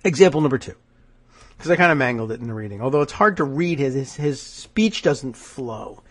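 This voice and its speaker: A man's voice: mid-range voice, expressive, a little fast, fairly bright tone. A man hosting a political podcast, sardonic and wry, reading news quotes with asides, his nose stuffed up. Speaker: podcast host. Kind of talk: political commentary.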